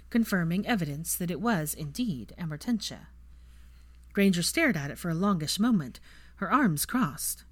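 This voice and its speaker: A woman narrating a fan fiction story softly, reading to listeners. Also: lowish voice, no room sound. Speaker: audiobook reader.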